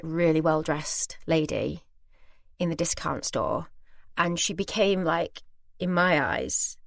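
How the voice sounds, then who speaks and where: A woman's voice: fairly low pitch, no room sound, clean studio sound. A British woman in her thirties hosting a podcast, telling a personal story in a chatty, candid, self-deprecating way. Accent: British English. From Britain. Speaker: podcast host.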